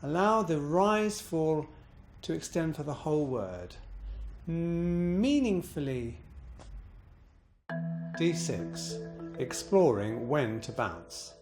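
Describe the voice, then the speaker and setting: A man coaching voice exercises, calmly explaining each step and demonstrating pitch bounces on words. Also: takes it slowly, music in the background. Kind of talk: instructional voice exercise demo.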